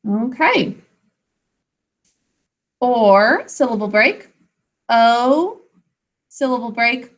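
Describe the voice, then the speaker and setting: A woman teaching an online spelling lesson to children over a video call, sounding out words slowly and giving frequent praise. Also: high-pitched, animated, pushed and bright. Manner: slow, deliberate enunciation with praise.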